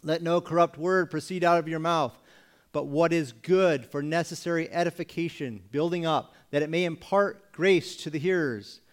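In his sermon, a pastor whose voice sits slightly high poses sharp rhetorical questions to the room, leaving gaps between them. He sometimes briefly and mockingly imitates his congregation's voices to underline an argument.

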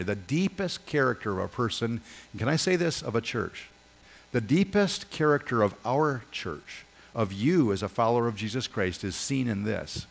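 A man preaching a sermon as pastor, earnest, swelling and dropping his voice for emphasis and speaking straight to his congregation. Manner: earnest, rises and falls in pitch and volume for emphasis; addresses congregation directly, asks them to join in.

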